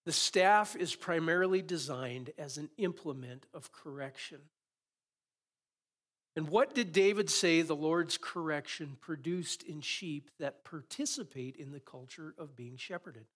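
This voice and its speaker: A man's voice: on the high side, a little slow, a bit bright. Passionate male pastor preaching a sermon. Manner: preaching with rising passion, rhetorical questions. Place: church sanctuary.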